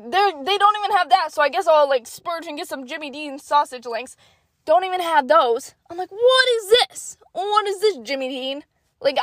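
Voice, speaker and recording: An eighteen-year-old woman telling a story in a casual, animated way, acting out her thoughts in hushed asides. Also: sits high, no room sound. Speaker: vlogger.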